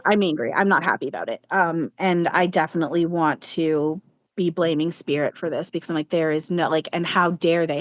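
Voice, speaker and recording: A woman's voice: on the low side, dry recording. A woman hosting a live stream, talking bluntly and rambling with lots of fillers, swearing freely. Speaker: channeler and livestream host. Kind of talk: casual livestream chat.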